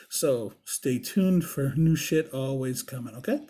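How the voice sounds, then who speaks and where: A man hosting his own show, telling a story in a casual, profane, animated way and acting out the dialogue as he goes. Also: medium pitch, moderate pace. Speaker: body piercer and show host.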